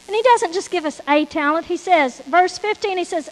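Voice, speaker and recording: A woman with a high voice preaches a sermon, pressing each point with emphatic repetition and frequent scripture quotes. Her voice rings out with a long reverb from a church hall. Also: normal speed, hardly any pauses.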